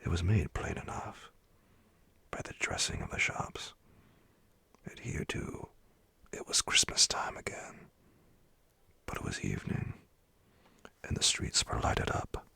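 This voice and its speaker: A man reading a classic tale aloud as a slow, whispered bedtime story in a whispered role-play. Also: very deep voice, wildly swooping pitch, gravelly, pushed and bright, breathy edge.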